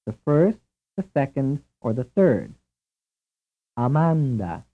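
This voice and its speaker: Man, language instructor, scripted lesson narration, deliberate, lively intonation, tinny lo-fi tape. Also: medium pitch. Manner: measured, clear, deliberate drill delivery. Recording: tinny, lo-fi old tape recording.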